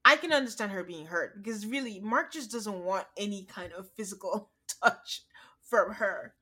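A woman co-hosting a podcast, chatting casually and retelling scenes by quoting people in a flat, drawn-out voice. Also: mid-range voice, breathy edge. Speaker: podcast co-host. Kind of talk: casual recap chat.

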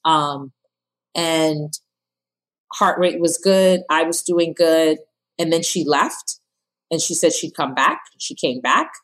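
Woman, thirties, podcast guest, animated storyteller, lowish voice, lively quotes. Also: takes it slowly, long pauses. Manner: animated storyteller who acts out quotes in a high voice and laughs. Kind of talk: telling her birth story.

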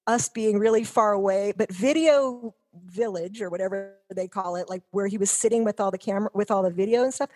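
Chatty, rambling woman guest. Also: fairly high pitch. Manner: rambling, animated storytelling with many restarts. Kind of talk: casual chat.

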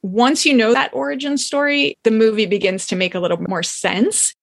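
A woman's voice: fairly high pitch, steady tone, moderate pace, gravelly, dry recording. A woman co-hosting a podcast, chatting casually and retelling stories with acted-out quotes. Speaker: podcast co-host. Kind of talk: casual chat.

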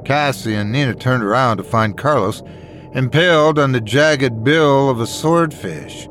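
A man's voice: medium pitch, unhurried, fairly bright tone, soft background music. A man narrating a scripted horror story and doing all the character voices.

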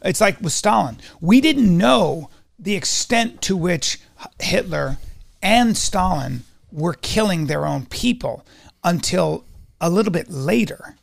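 Podcast co-host, man, high gravelly voice, argumentative banter. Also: expressive, slow. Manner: argumentative, rambling, swears a lot. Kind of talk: casual comedic podcast banter.

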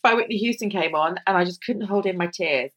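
Fast-talking low-voiced woman podcast host. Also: a bit bright. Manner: self-deprecating, chatty, quick asides. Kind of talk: casual chat, reading listener stories.

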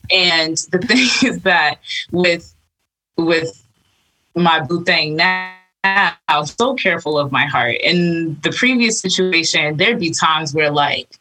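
A woman as a guest, telling her personal faith testimony in casual, animated chat full of fillers. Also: fairly low pitch, takes it slowly, faint music behind, rough recording. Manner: animated storytelling with many fillers.

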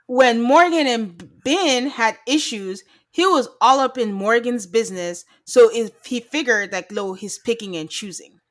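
A woman's voice: on the high side, a bit bright. A woman co-hosting a podcast, recapping a reality show in casual chat, laughing often and acting out quotes. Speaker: podcast co-host.

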